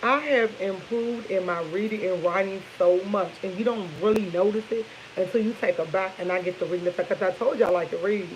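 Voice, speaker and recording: A woman's voice: mid-range voice, fairly quick, hardly any pauses, highs cut off. Woman in her fifties, casual coffee chat, faint hiss behind. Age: 50s. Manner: chatty, animated storytelling, addresses viewers as y'all. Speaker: vlogger. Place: home kitchen, indoors.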